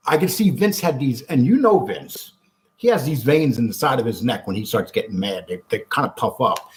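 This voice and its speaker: A man being interviewed, telling a long story in an animated, blunt way, acting out what others said and swearing freely. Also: mid-range voice, fairly quick. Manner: animated storyteller acting out quotes, frequent restarts. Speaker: guest.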